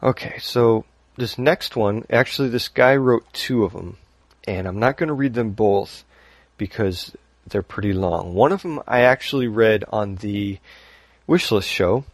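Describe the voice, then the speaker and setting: A man's voice: lowish voice, a little slow, dry recording. A man hosting a podcast, talking casually and rambling a little, laughing often as he reads listener email. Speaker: podcast host.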